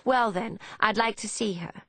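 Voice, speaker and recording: A woman's voice: mid-range voice, moderate pace, vocal fry, pushed and bright, no echo, pitched above the performer's own voice. A woman voicing an anxious, well-bred young English woman who speaks urgently and with command.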